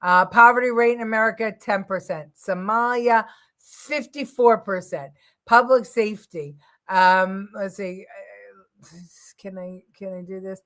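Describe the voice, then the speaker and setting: A woman hosts a live news talk program in a blunt, heated way, pausing often on ums and uhs as she works through her points. Her voice sits at an ordinary middle pitch for a woman. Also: steady tone, fairly bright tone. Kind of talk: opinionated live commentary.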